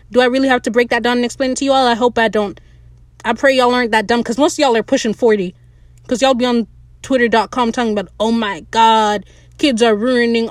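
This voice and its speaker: A woman hosting a podcast, recapping a TV episode in a casual, excitable rant, swearing freely and talking straight to her listeners. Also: a little high, no echo.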